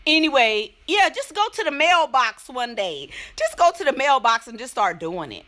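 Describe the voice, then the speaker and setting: A young woman with features chats through listener letters in a playful, teasing way. Her voice sits fairly high and swings widely in pitch. It sounds bright and forceful. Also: sing-song, moderate pace. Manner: playful, laughing, sassy. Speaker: advice vlogger answering letters. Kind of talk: casual advice chat.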